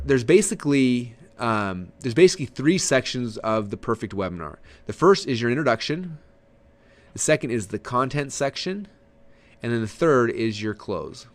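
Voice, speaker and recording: In a casual marketing webinar, an energetic male trainer speaks quickly, letting his voice swing up and down to stress points. Fillers and restarted sentences come up often.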